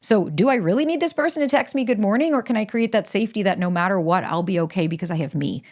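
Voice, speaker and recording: A woman's voice: mid-range voice, animated, fast, a little mellow. A woman hosting a solo podcast, talking casually and emphatically, with frequent swearing. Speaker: podcast host. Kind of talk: solo podcast monologue with ad read.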